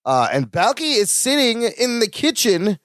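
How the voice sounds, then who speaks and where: A man co-hosting a podcast, chatting casually about a sitcom episode. His voice sits high and swings widely, with lots of animated bounce. The sound is dry and close. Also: measured pace, no room sound. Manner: animated, acts out characters' lines in quotes. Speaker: podcast co-host.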